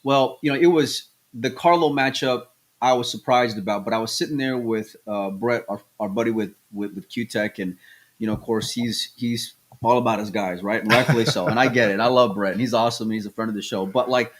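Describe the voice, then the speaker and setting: A man co-hosting a pool podcast in casual chat, excitable and telling stories with many restarts. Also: fairly low pitch, fairly quick. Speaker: podcast co-host.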